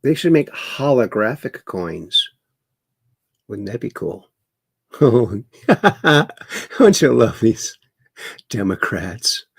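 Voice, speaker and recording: A man's voice: medium pitch, big pitch swings, very slow, gravelly, pauses often, breathy edge, no room sound, clean studio sound. A man hosting a livestream, reading viewer chat aloud and mocking the news with chuckles. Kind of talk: casual political commentary livestream. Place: home in Wisconsin.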